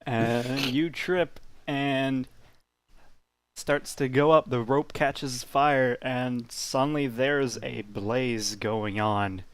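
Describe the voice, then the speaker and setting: A man narrating as game master of a tabletop game, describing scenes in a relaxed, offhand way. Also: medium pitch, drawn-out words, slight background noise.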